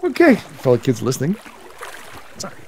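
Laughing male streamer, lively voice. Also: medium pitch, moderate pace, gravelly, slight background noise. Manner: laughs often, jokey, talks to viewers. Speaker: streamer and co-op player. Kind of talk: casual gaming chat.

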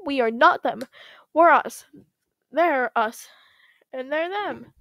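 A woman's voice: high-pitched, slow, a bit bright, dry recording. A woman voicing a scolding young male bee friend, reading in an exasperated, lecturing way.

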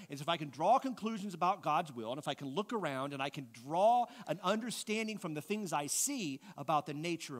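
A middle-aged man, teaching an adult class in a lively, casual way, thinking out loud and asking the group questions. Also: a little high.

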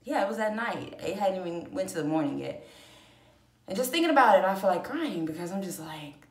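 A woman's voice: medium pitch, animated, fairly quick. A woman vlogger telling a personal story in a casual, rambling, emotional way, acting out the voices she quotes. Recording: echoey room.

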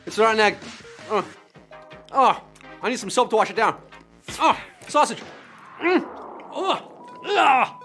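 A man hosting a live trivia game show, energetic and jokey, with faint music behind him. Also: high-pitched, a little slow, pauses often.

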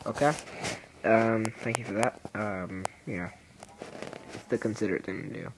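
This gaming video creator is a teenage boy whose voice is breaking with adolescence, and it sounds animated, a little slow, fairly bright and husky. He rambles goofily through casual gameplay commentary, jumping into squeaky, silly voices.

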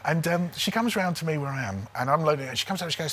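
Animated comedian man in his forties. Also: a little high, fast, a little hiss or hum. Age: 40s. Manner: animated, keeps tagging lines with "right?". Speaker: comedian guest. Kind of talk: casual comic storytelling.

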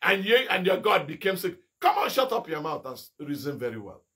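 High-voiced, bright-toned fiery male preacher. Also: sing-song, a little fast. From Nigeria. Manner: rhetorical questions and sudden shouted rebukes. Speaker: evangelist preacher. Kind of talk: fiery sermon.

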